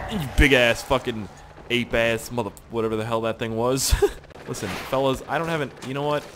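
A young man casually commenting on his gameplay with excitable, profane wisecracks. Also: medium pitch, unhurried, music in the background. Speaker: gaming channel host. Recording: loud gunfire and game audio behind. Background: game gunfire and explosions.

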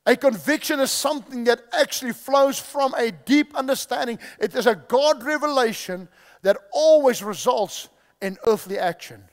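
A man's voice: very high voice, normal speed. A male preacher giving a sermon, repeating key phrases and quizzing the audience, in a large church hall. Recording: long hall reverb.

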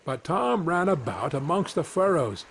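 Gravelly male bedtime storyteller. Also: on the high side, big pitch swings, moderate pace, fairly bright tone, a little hiss or hum.

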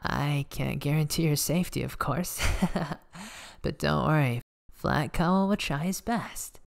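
A voice actor playing a cocky, teasing teenage boy volleyball setter in a soft, whispered role-play. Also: mid-range voice, measured pace, gravelly. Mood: playful. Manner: playful, teasing, soft-spoken. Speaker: ASMR voice actor.

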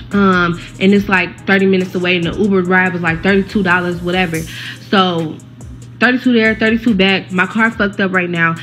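A woman's voice: medium pitch, fairly bright tone. Blunt, heated young woman vlogging. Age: 20s. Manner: blunt and heated, swears freely, talks straight to viewers. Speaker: social media creator caring for a neighbor's child. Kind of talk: casual direct-to-camera vlog update.

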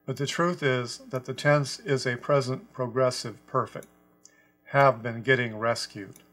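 A man of middle pitch gives a scripture lesson in a deliberate, measured way. He leans on single quoted words as he explains them. Soft music plays faintly underneath. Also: steady tone. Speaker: Bible teacher.

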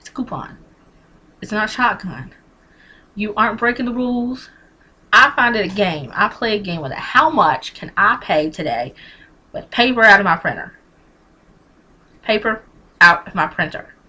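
A woman's voice: mid-range voice, animated, normal speed, pauses often, sharp tone, husky, rough recording. A woman vlogging a casual how-to on couponing, blunt and chatty, with mild swearing and lots of emphatic repetition, speaking straight to the viewer.

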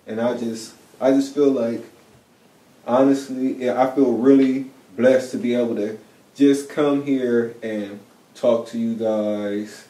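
A young man talks in a casual, earnest way and leans on fillers. His voice is mid-pitched and mellow. The sound is roomy and picked up from a distance. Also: steady tone, slow pace. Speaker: interviewer, son of a late drummer. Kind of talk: casual interview chat.

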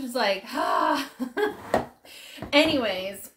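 A woman's voice: fairly high pitch, unhurried, noisy background. Tearful chatty woman in an echoey office. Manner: chatty, emotional, laughing through tears. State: tearful, fighting back crying. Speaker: live-streaming seller. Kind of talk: casual live stream chat. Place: her office. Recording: echoey room.

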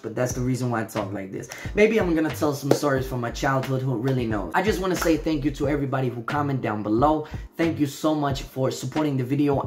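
A man from Denmark with an American-sounding accent, hosting his own channel and chatting casually as he reads viewer comments, earnest and affectionate, often falling back on "so, yeah". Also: mid-range voice. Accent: American-sounding English. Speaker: channel host.

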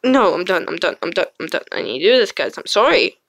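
A woman's voice: lowish voice, expressive, fast, fairly bright tone, no room sound. A woman hosting a casual screen-recorded vlog, exasperated, swearing and laughing, recorded on a phone. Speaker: channel host reacting to fan art. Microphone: phone screen recorder mic.

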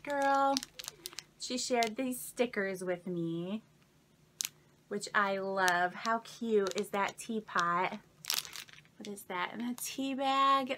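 A woman's voice: mid-range voice, a little hiss or hum. A young woman vlogger chatting casually to camera as she unwraps crafting gifts. She gushes, exclaims often and thanks the sender again and again. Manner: gushing, effusive, keeps saying thank you; exclamations and soft laughs. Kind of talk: casual unboxing chat to camera.

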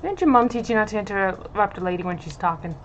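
A woman voicing a menacing female rogue who speaks in a low, cool, scornful way. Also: animated, fast talker, lo-fi sound, a little hiss or hum, natural voice.

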